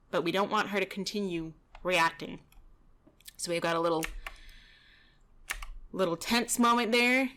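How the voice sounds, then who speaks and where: Woman, dog trainer, mid pitch, relaxed conversational commentary over footage. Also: unhurried, pauses often. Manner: relaxed, chatty, explaining with frequent "you know" and "kinda".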